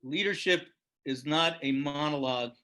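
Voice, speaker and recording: A man's voice: on the high side, moderate pace, pushed and bright. A man giving a lecture on leadership, telling stories and praising audience answers. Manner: storytelling and encouraging.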